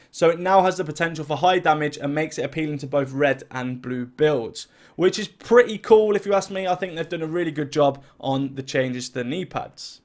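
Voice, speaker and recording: A man reading out game patch notes in casual commentary, chatty and excitable, with quick asides. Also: on the high side. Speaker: gaming YouTuber. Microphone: desk mic at a home gaming setup.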